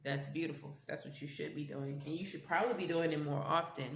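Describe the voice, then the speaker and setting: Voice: mid-range voice, steady tone, a little fast, a bit bright. Host tarot reader, stuffy-nosed, casual and reassuring, keeps tagging lines with "okay?"; roomy echo. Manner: frequent checking-in tags like "okay?" and "all right?". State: stuffy, congested. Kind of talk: casual spiritual tarot reading to viewers. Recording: echoey room with faint background noise.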